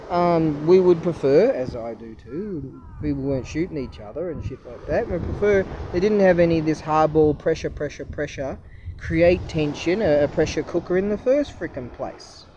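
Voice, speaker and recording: A man's voice: on the high side, animated, normal speed, warm tone, muffled recording, slight background noise. A man in a casual, profane, rambling rant, talking in a scornful way. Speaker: vlogger.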